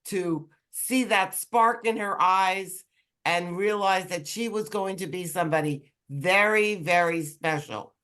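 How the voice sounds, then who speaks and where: An audience member sharing measured, reflective thoughts in a casual book discussion, repeating words for emphasis. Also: medium pitch, fairly bright tone, clean tone.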